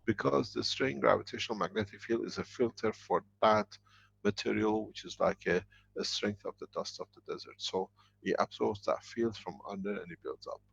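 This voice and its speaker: Gravelly low-voiced man teaching. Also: moderate pace, fairly bright tone, highs cut off, slight background noise. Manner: rambling, emphatic explanations. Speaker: workshop teacher answering questions. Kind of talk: live online teaching Q&A.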